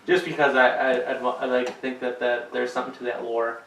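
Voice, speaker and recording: A man's voice: medium pitch, little pitch movement, brisk, fairly bright tone, a little hiss or hum. A man co-hosting a podcast in casual chat, wisecracking, swearing and laughing often. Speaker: podcast co-host. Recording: echoey room, distant mic.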